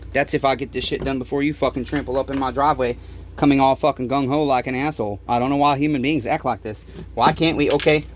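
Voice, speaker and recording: A man's voice: medium pitch, slight background noise. A man who runs a small-engine repair shop, ranting angrily and pleading to the camera, swearing often and repeating himself. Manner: heated, profane ranting, pleading and repetitive. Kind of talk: angry monologue to camera.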